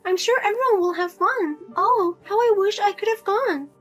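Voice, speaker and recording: A woman's voice: very high-pitched, moderate pace, faint music behind. A woman playing a whiny, pushy mother. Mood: nagging, whiny. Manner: nagging, pleading, guilt-tripping. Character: pushy middle-aged mother, whiny and money-grabbing.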